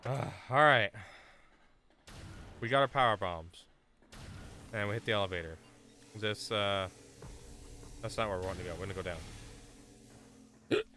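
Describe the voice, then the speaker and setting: A man live-streaming a video game, chatting with viewers in an excitable way, swearing and breaking into sudden loud outbursts. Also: on the low side, measured pace, long pauses, faint music behind. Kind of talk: live gameplay commentary.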